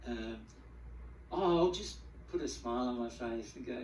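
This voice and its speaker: A man giving a spiritual teaching talk to a group, animated, acting out the feelings he describes and often repeating words as he goes. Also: mid-range voice, normal speed, slight background noise. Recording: echoey room, mic at a distance.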